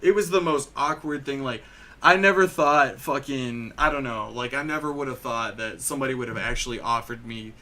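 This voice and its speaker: Rambling young man, bright voice. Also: medium pitch, brisk. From Michigan. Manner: rambling storyteller, heavy filler "like", frequent swearing. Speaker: podcast host. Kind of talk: casual chat.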